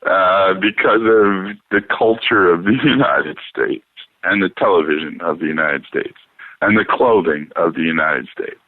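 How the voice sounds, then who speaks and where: A man hosting a talk show in loose, profane casual chat, rambling and animated. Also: sits low, unhurried, dry recording. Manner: rambling, swears a lot, animated. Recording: dry, phone-like radio sound.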